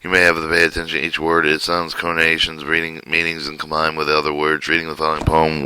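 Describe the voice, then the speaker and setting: A man with an extremely deep, flat voice reads a textbook lesson aloud. His tone is bright and crisp, and the sound is dry and close. He reads haltingly, often stumbling and restarting words. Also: no room sound, low-quality recording. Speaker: teacher reading a textbook chapter.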